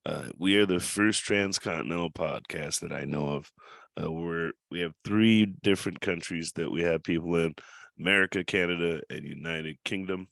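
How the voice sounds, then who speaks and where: A man's voice: low voice, normal speed, gravelly, fairly bright tone, dry recording. A man hosting a podcast from home, chatting casually, cracking jokes, swearing freely and laughing often. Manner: joking and profane, laughs often. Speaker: podcast host.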